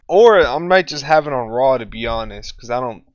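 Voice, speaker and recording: A man's voice: mid-range voice, animated, fairly quick, dull audio. A man co-hosting a casual podcast chat, joking and laughing often. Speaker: co-host.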